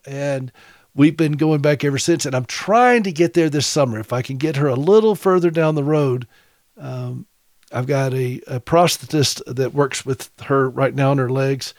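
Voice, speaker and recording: A middle-aged man hosts his own radio show and tells a long personal story in a folksy, easygoing way, chuckling now and then. His voice sits at an ordinary pitch and sounds close and dry, with no room around it. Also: normal speed, darkish tone, no echo. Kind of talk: casual monologue, storytelling.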